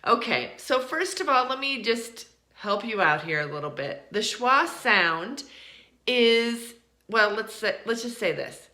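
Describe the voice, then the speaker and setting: Slow, lively American woman teaching. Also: on the high side. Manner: slow, deliberate, drawing out example words. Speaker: English pronunciation teacher. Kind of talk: online pronunciation lesson. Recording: roomy echo.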